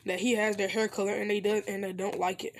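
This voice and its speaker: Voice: medium pitch, little pitch movement, quick pace, dry recording. A narrator improvising a fan story in a rambling, casual way, full of fillers and restarts.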